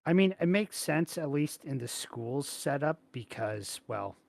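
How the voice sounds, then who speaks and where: A man co-hosting a casual podcast chat over a video call, talking in an animated, jokey way. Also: fairly high pitch, measured pace, vocal fry, no room sound. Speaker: podcast co-host.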